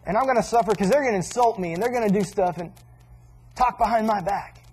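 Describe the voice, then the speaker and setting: A man preaching a sermon in a casual, animated way, acting out little asides as he teaches. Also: high-pitched, quick pace, breathy edge, rough recording.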